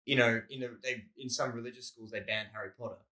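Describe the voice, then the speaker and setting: A man's voice: medium pitch, fairly even intonation, fast, pushed and bright. A young man co-hosting a casual comedy podcast, rambling and restarting his sentences as he talks. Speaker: podcast co-host.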